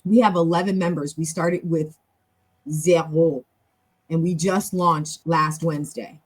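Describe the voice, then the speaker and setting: On her relaxed live stream, a husky-voiced middle-aged woman, a show host and club leader, chats at a rapid clip. Big jumps in pitch and loudness mark her excited moments before she returns to easygoing talk, and she often restarts her sentences along the way.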